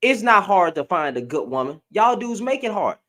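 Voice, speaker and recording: A young man with a high, swooping voice delivers a reaction commentary to his webcam at home. He rants and repeats himself, each line rising and falling in disbelief. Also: big pitch swings, moderate pace, pushed and bright. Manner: ranting, repeats phrases, incredulous. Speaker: commentary vlogger. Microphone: computer webcam.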